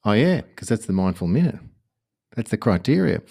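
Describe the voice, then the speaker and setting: A podcast co-host talks in an easy, enthusiastic way, often pausing to rephrase himself. His voice sits low and comes across warm and relaxed. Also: gravelly, husky. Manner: enthusiastic, chatty, self-correcting. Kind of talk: casual podcast chat.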